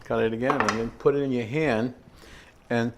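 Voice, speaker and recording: A man's voice: mid-range voice, fairly even intonation, normal speed, background noise. Rambling older New man cooking. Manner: rambling, chatty, many fillers and asides. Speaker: home cooking host. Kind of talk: casual cooking demonstration. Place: home kitchen.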